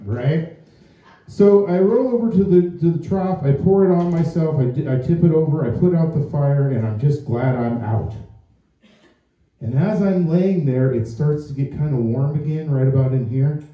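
A man's voice: fairly high pitch, moderate pace, mellow. A man doing a stand-up comedy set, telling a story with acted-out quotes and asking the crowd questions from a club stage. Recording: roomy and far from the mic.

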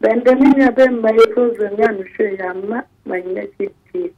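A woman calls in over a tinny phone line. Her voice is gravelly and sits a little high. She talks in an earnest, plain way. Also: brisk, mellow. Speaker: caller. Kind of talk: phone-in call.

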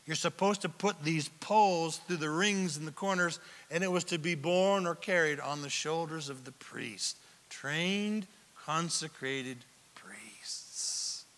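A male pastor preaching a sermon, reading scripture aloud and asking the congregation questions, swinging from near-shouts down to whispers. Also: on the high side, measured pace. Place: church sanctuary. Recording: long hall reverb.

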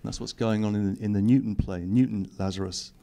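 A man's voice: on the low side, fairly even intonation, fairly quick, creaky, warm tone. A middle-aged man, reading his own book aloud to an audience and adding dry, teasing asides. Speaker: author giving a public reading. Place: lecture hall.

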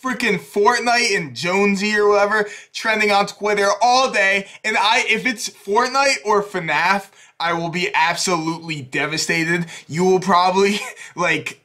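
A young man talking fast as a YouTuber in an excited reaction video. He rambles nervously, swears often and sounds hyped. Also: high voice. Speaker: YouTuber reacting to a game trailer.

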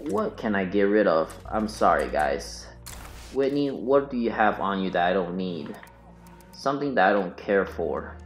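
A man hosting a casual let's-play, thinking aloud to his viewers in a mumbly way. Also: low-pitched. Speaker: gaming channel host. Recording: roomy room sound, faint game music. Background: faint game music.

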